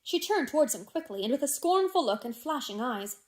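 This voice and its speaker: A woman narrating a classic novel aloud in a measured, expressive way. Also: high voice. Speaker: audiobook narrator.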